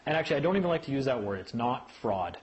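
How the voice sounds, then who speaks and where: A man's voice: medium pitch, fast, rough recording. A man giving a casual talk on legal rights to a small group, telling stories and acting out voices. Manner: animated storyteller who acts out voices.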